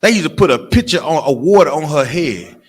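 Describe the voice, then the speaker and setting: A man with a Southern US accent preaches a lesson to a small group. His voice sits a little high, and he drives each point home by repeating himself and naming the people around him. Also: expressive, fairly quick, husky. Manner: emphatic, repetitive, calls on others by name. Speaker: teacher leading a street class.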